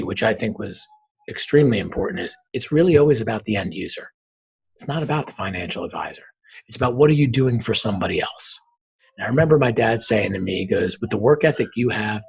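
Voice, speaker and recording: Husky New man telling stories. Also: mid-range voice. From northern New Jersey. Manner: earnest storyteller who acts out quoted dialogue. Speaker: guest. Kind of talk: storytelling interview talk.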